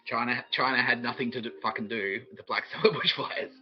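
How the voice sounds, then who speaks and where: A man's voice: mid-range voice, fairly even intonation, fast, highs cut off, faint music behind. A man, hosting a podcast stream and rambling through a comic monologue, swearing often and laughing at his own jokes. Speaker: podcast host streaming live. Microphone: desk microphone.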